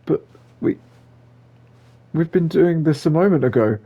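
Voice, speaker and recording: A man casually muttering quiet asides as he plays a video game. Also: a little high, lively intonation, unhurried, lo-fi sound. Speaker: game player. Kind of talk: casual let's-play commentary.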